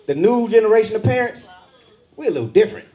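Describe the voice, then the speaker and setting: A middle-aged man doing stand-up comedy on a club stage with a handheld mic, jumping into loud, high voices when he acts out other people. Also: animated, quick pace, lo-fi sound. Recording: live club with loud crowd laughter.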